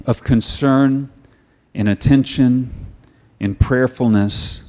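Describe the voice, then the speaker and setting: A middle-aged man preaching a sermon. He tells stories in a conversational way and moves into quiet, earnest prayer. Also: medium pitch, fairly even intonation, takes it slowly.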